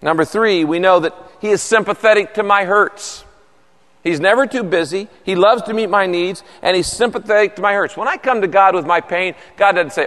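A middle-aged man preaches a sermon in a folksy, animated way, joking with his congregation. His voice sits rather high for a man. The long reverb of a large hall trails after each phrase. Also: normal speed. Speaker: pastor.

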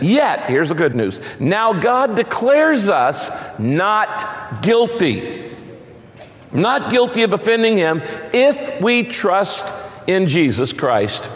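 A man preaching a sermon to a congregation, emphatic and animated, often repeating phrases for effect. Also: high-pitched, slow, in a large hall. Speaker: pastor.

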